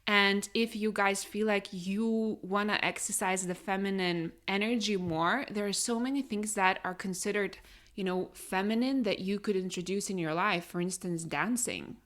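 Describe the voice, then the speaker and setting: A woman's voice: medium pitch, moderate pace, a bit bright. A woman co-hosting a podcast in casual conversation, chatty and upbeat, peppering her talk with "you know" and "right?", English not her first language. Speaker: podcast co-host.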